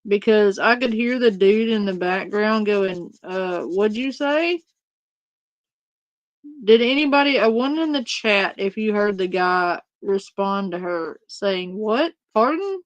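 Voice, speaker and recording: A woman's voice: medium pitch, unhurried, few pauses, no room sound, muffled recording. A woman streamer giving casual reaction commentary to a clip, incredulous and swearing freely as she mimics what others said.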